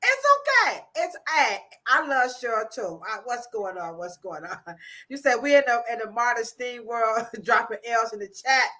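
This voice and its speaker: A woman hosting a casual livestream chat, animated and playful, laughing often. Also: on the high side, moderate pace. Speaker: host.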